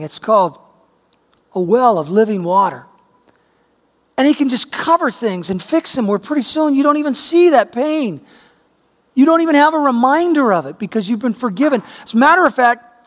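High-voiced pastor preaching in a reverberant hall. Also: male voice. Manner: storytelling, conversational with emphatic rises. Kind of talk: sermon.

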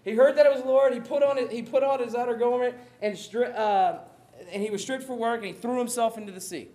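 Man, pastor, lively sermon, very high voice, echoey hall. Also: fast. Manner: animated, jokey, acts out Bible scenes.

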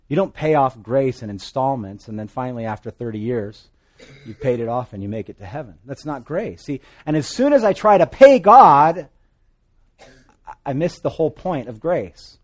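A man from Hawaii with a Hawaiian accent, preaching a sermon with jokes and swings between loud and soft. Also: moderate pace. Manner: animated, joking asides, pitch and volume swing widely. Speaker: pastor.

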